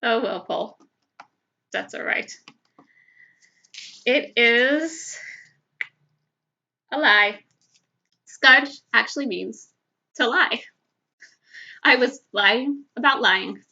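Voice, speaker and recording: A woman's voice: a little high, drawn-out words, gravelly, long pauses, pushed and bright. A woman hosting a live game show from home, chatty and giggly as she tells stories. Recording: dull lo-fi livestream audio.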